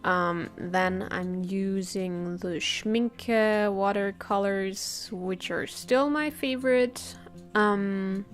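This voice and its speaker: A woman's voice: medium pitch, extremely slow. A woman chatting casually in a rambling way, often laughing, while she paints. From Central Europe. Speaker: art vlogger. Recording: faint guitar music behind.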